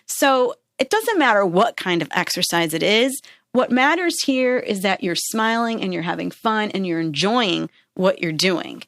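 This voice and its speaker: A woman's voice: mid-range voice, lively intonation, a little slow, a bit bright, dry recording, studio quality. A woman hosting a podcast, giving earnest, encouraging self-help advice in a casual way and often checking in with "right?" and "okay?". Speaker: podcast host. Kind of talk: motivational self-help talk.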